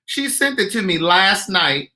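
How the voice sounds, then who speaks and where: Male vlogger: sassy, teasing, bright and forceful, a touch high, chatting at home. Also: measured pace. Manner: sassy, teasing, animated storytelling with laughs. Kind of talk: casual comedic vlog. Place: indoors at home.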